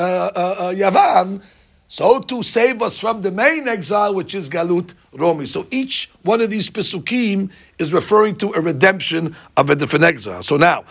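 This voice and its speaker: Bible class teacher, man, high gravelly voice, animated and quizzing the class. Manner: animated, asks the class questions. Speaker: Torah teacher.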